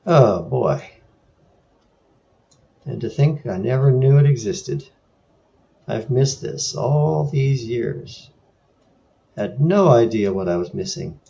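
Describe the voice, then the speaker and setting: A man's voice: mid-range voice, lively intonation, takes it slowly, vocal fry, long pauses, warm tone, highs cut off. A man from San Francisco narrating a casual screen tour in a wry, musing way. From San Francisco, USA. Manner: wry, musing, lightly sarcastic. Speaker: video creator. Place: home in France.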